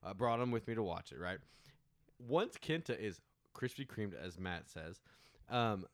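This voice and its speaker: A man's voice: on the low side, measured pace, no room sound, studio quality. A middle-aged man chatting casually about a film with friends, acting out scenes and laughing often. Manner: animated, acts out scenes with laughs. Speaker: podcast co-host. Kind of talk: casual movie review chat.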